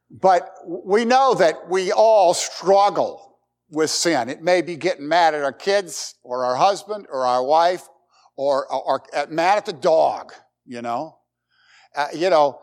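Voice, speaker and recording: A middle-aged man preaching a sermon, emphatic, with rhetorical questions and folksy jokes. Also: a little high. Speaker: pastor.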